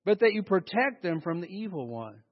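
A man preaching a sermon as pastor, animated and sarcastic, with mocking asides to the congregation. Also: sits high, moderate pace, in a large hall, muffled recording.

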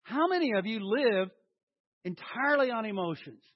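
A male pastor preaches a sermon in a high voice, acting out his own inner dialogue with lively intonation at a normal speed. His pitch swings widely between phrases, and the recording sounds dull and lo-fi.

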